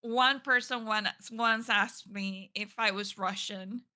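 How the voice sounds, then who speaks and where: Bright-voiced Venezuelan woman, chatty. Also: medium pitch, steady tone, takes it slowly. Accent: Venezuelan Spanish. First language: Spanish. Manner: chatty storyteller with frequent fillers and laughs. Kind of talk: casual chat.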